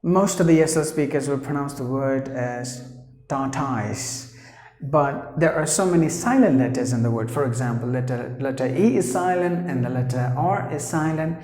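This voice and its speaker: A man with an Indian English accent teaches pronunciation, slow and deliberate, saying each example word twice. His voice rings in an echoey room with a long reverb tail. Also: medium pitch, a little mellow. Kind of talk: explaining pronunciation to learners.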